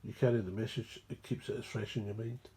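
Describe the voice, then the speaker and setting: A man's voice: fairly low pitch, little pitch movement, fast, dark tone, husky. A Scottish man, mumbling and digressive, explaining a recovery program in a rambling way. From Scotland. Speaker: recovery speaker.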